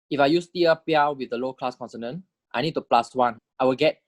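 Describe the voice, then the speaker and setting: A man giving a lecture on tones, explaining step by step, checking in with the class and saying sample syllables aloud in swooping pitches. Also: fairly quick, few pauses, no echo. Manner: explanatory, checks in with "right?" and "correct?". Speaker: language teacher.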